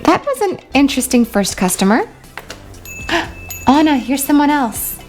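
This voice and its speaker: A woman voicing two cheerful young sisters who run a pet rescue in a doll-play story, bright and politely chirpy. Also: sits high, very animated, a little slow, over music.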